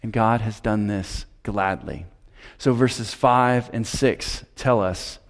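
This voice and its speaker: A man preaching an expository sermon, measured and emphatic, with rhetorical questions and repeated phrases. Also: fairly low pitch. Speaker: pastor. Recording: long hall reverb.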